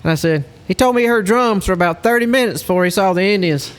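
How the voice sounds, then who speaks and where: Guy with a high voice telling a hunting story, animated, casual podcast chat. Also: fast talker, clean tone. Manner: animated storyteller, Southern-style speech. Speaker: hunting lodge guide.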